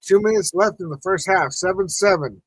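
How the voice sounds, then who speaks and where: A man's voice: high-pitched, fairly quick, slightly rough, no room sound, rough recording. A man hosting a live football watch party, reacting to the plays and talking with his chat. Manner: frustrated, reacting to the game, talks to chat. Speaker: podcast host.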